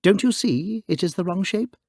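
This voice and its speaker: A mild little priest with a low, dreamy voice, as a male narrator puts him on in a storybook reading. His speech rises and falls with lively swings, quiet yet intense, heard close and dry. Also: a little slow, no room sound. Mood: earnest, insistent.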